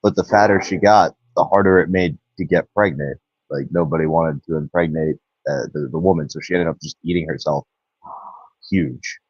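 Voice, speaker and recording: A man's voice: low-pitched, normal speed, slightly rough, dry recording. A man co-hosting a comedy podcast, telling jokes and stories in a dry manner. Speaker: podcast co-host. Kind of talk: casual comedic chat. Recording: dry, dull lo-fi sound.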